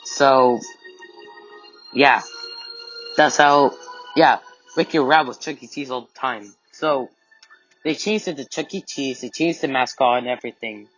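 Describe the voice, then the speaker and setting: Telling a spooky tale off the cuff in the first person, a man keeps restarting and linking lines with "and then." His mid-range voice is a bit bright, and the lo-fi recording sounds dull, with faint music in the background.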